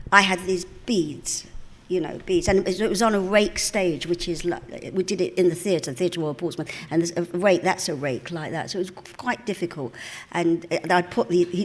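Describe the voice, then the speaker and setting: An older London woman with a low-pitched voice tells stories on stage, chatty and mouthy, breaking into laughter as she goes. It is a live interview in a cinema auditorium. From England. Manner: chatty, animated storytelling with bursts of laughter; mouthy, cheeky.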